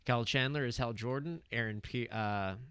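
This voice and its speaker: A man's voice: medium pitch, moderate pace, a bit bright, clear, resonant tone. A man co-hosting a podcast who steers the conversation to the next topic with dry quips. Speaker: podcast co-host. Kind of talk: casual chat.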